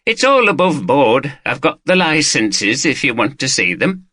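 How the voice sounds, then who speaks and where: A man's voice: medium pitch, sing-song, a little slow, sharp tone, no echo, studio quality, voice pushed up, exaggerated voice. A man voicing a blunt, chatty middle-aged man, speaking in clipped sentences. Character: gruff middle-aged Yorkshire man, proud gun owner.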